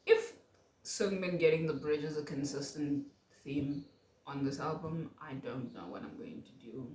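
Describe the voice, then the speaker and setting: A woman's voice: low voice, a little slow, darkish tone. A woman reacting to music in a casual vlog, talking in a dramatic, playfully outraged, exasperated way. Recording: roomy echo.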